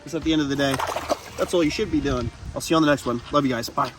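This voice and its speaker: A man hosting a wildlife vlog outdoors, talking excitedly to his animals as he feeds them. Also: mid-range voice, rapid-fire, music in the background. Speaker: wildlife vlogger and zoo keeper. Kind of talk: casual outdoor vlog narration. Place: outdoors at animal enclosures and a pond.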